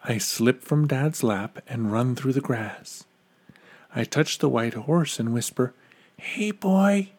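A man reading a bedtime story aloud, calm, gentle and soothing. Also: medium pitch, slow, slightly rough.

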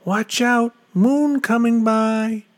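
A man puts on a young child's voice, raised well above his own and full of soft wonder. The child is eager and gentle, as in a bedtime storybook. Delivery is slow and hushed. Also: sits high, lively intonation, husky, pitched above the performer's own voice, heavily acted. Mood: excited.

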